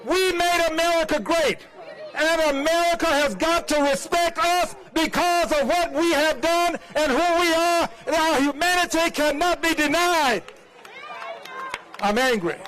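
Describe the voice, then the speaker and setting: A man's voice: very high-pitched, measured pace, fairly bright tone, some chatter behind, rough recording. A lawmaker giving a fiery, impassioned rally speech, repeating a refrain and drawing out his emphatic words. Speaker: lawmaker speaking at a public rally.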